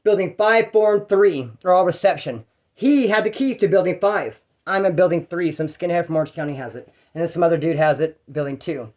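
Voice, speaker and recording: A man rattles off a rambling, profane story at a quick clip, jumping in and out of other people's voices. His voice sits high for a man. He speaks casually, with no polish. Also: a little mellow. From California. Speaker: former prisoner telling stories.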